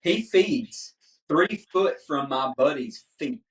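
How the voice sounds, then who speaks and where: A man's voice: on the high side, slow pace. A man, a podcast guest telling a story in casual chat and acting out the dialogue. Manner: animated storyteller, acts out dialogue. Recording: roomy, mic at a distance.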